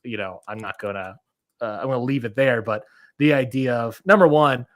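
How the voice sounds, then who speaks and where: A man's voice: medium pitch, normal speed, fairly bright tone, no echo, studio quality. A man co-hosting a wrestling podcast in casual chat, rambling with lots of fillers and restarts. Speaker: podcast co-host.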